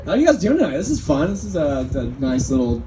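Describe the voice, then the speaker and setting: A man's voice: fairly high pitch, sing-song, quick pace, noisy background. A man from Northern California doing a stand-up set in a restaurant, with rambling, conversational crowd work. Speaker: stand-up comedian. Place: restaurant comedy night, indoors.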